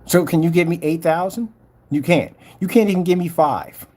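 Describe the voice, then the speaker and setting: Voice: medium pitch, normal speed, darkish tone. A vlogger ranting casually to camera, scolding and mocking a troll while reading his comments aloud.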